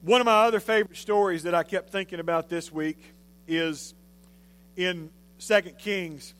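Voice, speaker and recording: A male pastor giving a sermon, telling a story in an animated, conversational way. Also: sits high, moderate pace.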